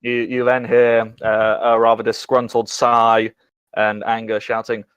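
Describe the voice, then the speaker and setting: A man narrating a tabletop game as game master, with a halting delivery full of fillers. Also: mid-range voice, monotone, fairly bright tone, clear, resonant tone, dry recording.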